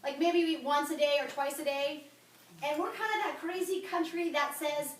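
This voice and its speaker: A woman giving an energetic, blunt wellness talk to a group in a meeting room. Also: sits high, moderate pace. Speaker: wellness coach presenter. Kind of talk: sales presentation to a group. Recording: roomy, from far off.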